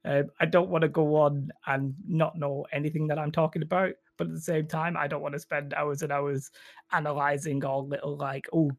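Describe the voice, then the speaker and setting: Gravelly Northern English man. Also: fairly high pitch, flat delivery, moderate pace, dry recording. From Northern England. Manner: rambling, self-deprecating, frequent fillers. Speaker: guest YouTuber. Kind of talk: casual podcast chat.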